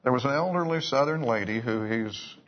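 A man's voice: mid-range voice, fairly quick, a little hiss or hum. A man preaching a sermon, telling stories in a folksy way with restarts and asides. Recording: dull lo-fi recording.

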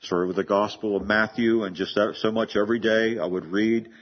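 A man's voice: lowish voice, fairly even intonation, brisk, dull audio. A man preaching a sermon in an earnest way, often repeating words as he builds a point. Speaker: pastor.

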